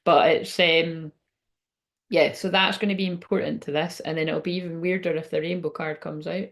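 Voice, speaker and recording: A woman's voice: low voice, steady tone, normal speed. A woman giving a rambling, casual tarot reading to camera at home, swearing now and then. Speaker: tarot reader. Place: indoors at home by a window.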